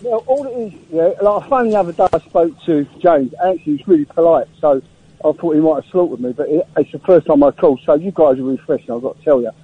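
A man calling into a radio show, blunt and animated, full of slang. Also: on the high side, quick pace, breathy edge. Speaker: caller. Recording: tinny phone line.

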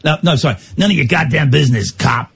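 A man playing a menacing male gangster henchman in a comic radio bit, talking low and slow with a sneer. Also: gravelly, a bit bright, slightly rough, heavily acted. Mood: defiant. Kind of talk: comic improvised role-play on radio.

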